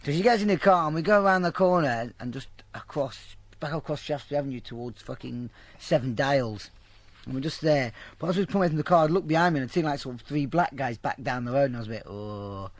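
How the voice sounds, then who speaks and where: A man's voice: fairly high pitch, fast talker. A man telling a rambling, profane story in a casual interview, acting out the voices of the people in it. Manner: rambling, heavily profane, acts out quoted voices.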